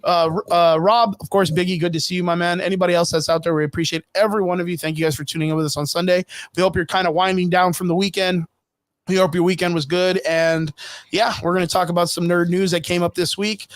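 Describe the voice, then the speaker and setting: High-voiced man hosting a casual stream. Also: a bit bright, dry recording. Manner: loose, rambling, swears often, many fillers. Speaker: live stream host. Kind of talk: casual chat. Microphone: home streaming setup.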